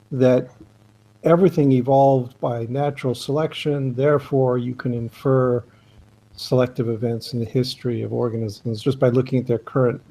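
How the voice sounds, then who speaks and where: A man's voice: medium pitch, dark tone. A man, a biologist, talking emphatically and critically in a video call conversation. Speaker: blogger and biologist.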